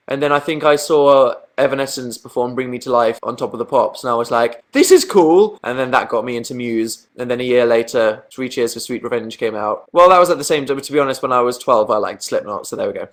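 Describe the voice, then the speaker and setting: A young man, chatting casually on a livestream as he answers viewer questions, hesitant and self-deprecating. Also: mid-range voice.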